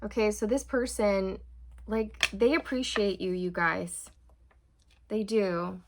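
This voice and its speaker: A woman with a voice of ordinary, middling pitch reads tarot for an unseen audience. She talks in an earnest, reassuring way and keeps checking in with "okay" and "you guys". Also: steady tone, slow pace, slight background noise. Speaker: tarot reader. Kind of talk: channeled tarot reading to viewers.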